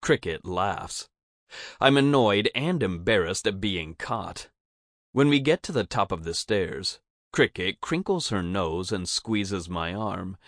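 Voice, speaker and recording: Reading an audiobook told in the first person, this man keeps his delivery even and steady. He speaks slowly in a very deep voice, and the close-miked recording is dry, without any room sound.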